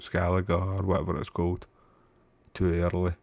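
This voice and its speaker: With a deep, gravelly, darkish voice, a Scottish man provides live gameplay commentary, chatting and getting frustrated while calling his viewers mate and bro. He speaks in a monotone at normal speed, and there is no echo.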